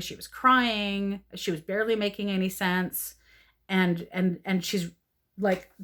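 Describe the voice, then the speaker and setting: A woman giving earnest spiritual advice to her viewers, often checking in with "right?" and "okay?". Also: medium pitch. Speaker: oracle card reader.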